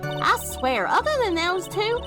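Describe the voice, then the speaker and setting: A woman voicing a brash, folksy woman photographer with a loud drawling twang, over game music. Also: very high-pitched, very animated, a little slow, pitched above the performer's own voice, heavily acted.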